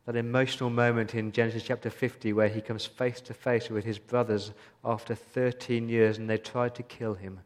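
A man's voice: medium pitch, flat delivery, normal speed, hardly any pauses. A man preaching a sermon as a pastor, earnest and pleading, asking many questions of his listeners. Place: church hall. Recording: long hall reverb.

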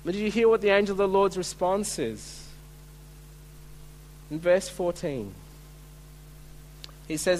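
A male pastor preaching a sermon at a church service, earnest and emphatic, slowing to stress key words. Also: sits high, expressive, slight background noise.

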